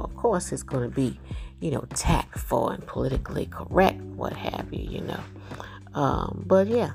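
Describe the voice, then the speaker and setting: A woman's voice: on the low side, gravelly. A middle-aged woman giving folksy advice in a casual vlog, sprinkling her talk with "you know" and "right?". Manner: animated when acting out quoted dialogue. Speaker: parent sharing life advice.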